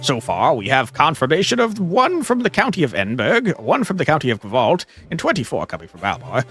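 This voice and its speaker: A man's voice: on the high side, huge pitch swings, fairly quick, fairly bright tone, slightly rough, exaggerated voice. A man reading out a pompous, long-winded male count in a video game, in a grandiose, overly formal manner. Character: pompous verbose male count, fawning herald. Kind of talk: reading game dialogue aloud.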